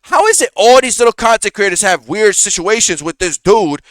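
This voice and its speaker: Bright, animated male reaction-show host. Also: high voice, normal speed, no echo, studio quality. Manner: profane, animated rant with frequent fillers. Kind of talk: casual reaction commentary.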